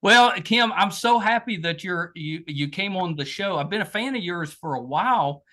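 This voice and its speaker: West virginia lady w a thick southern drawl, bright bouncy voice, chatty self-mocking host. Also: fairly low pitch, animated, moderate pace, a little hiss or hum. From West Virginia, USA. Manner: chatty, self-deprecating, laughs often. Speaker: podcast host. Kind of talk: casual interview chat.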